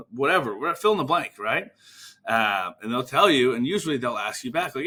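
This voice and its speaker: A man hosting a podcast for physical therapists, talking casually and acting out sample phone calls in quick put-on voices. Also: medium pitch, big pitch swings, sharp tone. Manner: casual, swears now and then. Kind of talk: casual coaching talk.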